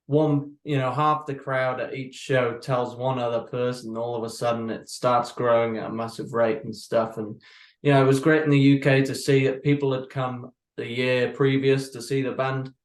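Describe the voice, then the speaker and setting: A man's voice: mid-range voice, level tone, moderate pace, roomy sound. A young man from North Wales, a guitarist, with an accent mixing English and Welsh, talking in an easygoing, rambling way in a video call interview. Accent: mixed English and Welsh.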